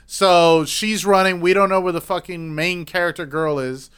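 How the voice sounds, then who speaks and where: A man's voice: sits high, steady tone, normal speed, a bit bright, clean tone. A man co-hosting a podcast, chatting casually about a movie, swearing and joking freely. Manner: profane, joking, talks over his co-host. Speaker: podcast co-host. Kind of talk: casual movie reaction chat.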